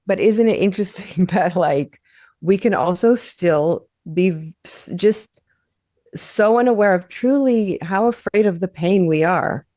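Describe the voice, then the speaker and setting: A woman's voice: mid-range voice, unhurried, dark tone, no echo, clean studio sound. A young adult woman sharing her experience as a podcast guest, earnest and candid, with frequent fillers and restarts.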